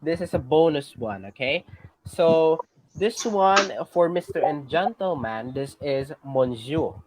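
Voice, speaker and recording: A teacher with a Filipino accent giving a class lesson, patiently checking in with students and pausing on fillers. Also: medium pitch, animated, background noise. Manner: patient, checks in with "okay?" often; hesitant, many fillers and restarts.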